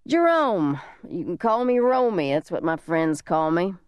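A woman voicing a drunk, unhinged, suicidal large man who taunts in a slow, mocking drawl, in an audiobook reading. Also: fairly low pitch, big pitch swings, darkish tone, smooth, no echo, clean studio sound. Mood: taunting.

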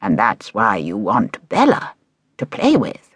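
Woman narrator voicing mysterious old blind shopkeeper, deliberate storybook read, lively pitch, dry sound. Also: slightly rough, dry recording, full character voice.

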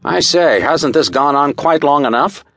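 A man's voice: on the low side, animated, unhurried. Hearty young man for an audiobook, breezy and laughing, as a male narrator puts him on. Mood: jovial. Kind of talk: audiobook character voice.

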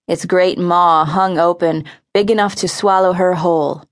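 A woman narrating a teen adventure audiobook with expressive, vivid storytelling. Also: lowish voice, normal speed. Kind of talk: scripted narration.

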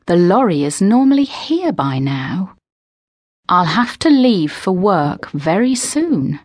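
A woman's voice: fairly low pitch, big pitch swings, takes it slowly, a little mellow, dry recording, clean studio sound, full character voice. A woman narrator voicing a nervous man waiting in a cafe in an audiobook, talking worriedly to himself.

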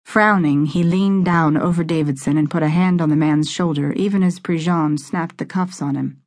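A woman narrating a suspense novel as an audiobook, in a measured, even storytelling manner. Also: deep voice.

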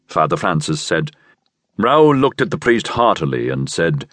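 A man narrating an audiobook novel with expressive storytelling. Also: sits low, unhurried, no echo, clean studio sound.

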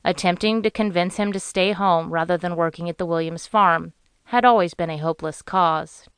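A woman reads an audiobook in a measured, even storytelling voice, pitched on the low side. The tone is smooth and resonant, and the sound is close and dry with no room in it. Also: no echo. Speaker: audiobook narrator. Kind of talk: scripted narration.

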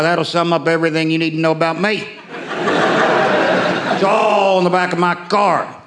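A man's voice: sits high, steady tone, a little fast. An American man doing live stand-up on a theatre stage, sardonic and profane, mock-ranting at the crowd. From United States. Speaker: stand-up comedian. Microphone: stage microphone. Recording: live theatre, echoey, loud crowd noise.

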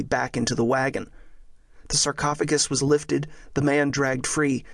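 Male audiobook narrator, gravelly, mid pitch, measured thriller reading, dry close sound. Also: no room sound. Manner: measured, steady storytelling.

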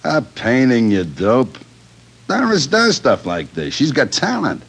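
An actor playing a confident, fast-talking big-shot gambler in a 1940s radio drama. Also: male voice, mid-range voice, huge pitch swings, gravelly, slightly rough, heavily acted. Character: the Brain, a smooth big-shot gambler, man. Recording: old radio recording with faint hiss.

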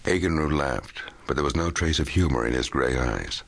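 A male audiobook narrator with an extremely deep, husky voice. He reads in a measured, even storytelling manner. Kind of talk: scripted narration.

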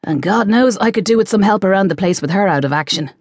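A woman's voice: mid-range voice, animated, quick pace, darkish tone, husky, no echo, clean studio sound. A woman voicing a teasing chef, a grown man who jokes his way through the talk. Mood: earnest. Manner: wry, joking banter.

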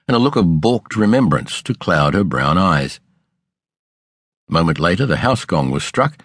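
A man narrating an audiobook in a measured, expressive storytelling manner with a husky voice. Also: sits low, no echo. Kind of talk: scripted narration. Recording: dry close studio sound.

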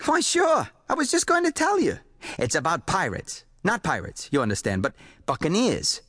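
A man voicing an excitable, boastful male pulp writer who rambles eagerly in folksy slang. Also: mid-range voice, moderate pace, slightly rough, no echo, clean studio sound. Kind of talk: audiobook character voice.

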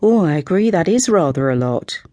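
A woman voicing a chatty middle-aged mum with a brisk, soothing counsellor tone, in an audiobook. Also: low-pitched, lively intonation, dark tone, no room sound. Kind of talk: audiobook character voice.

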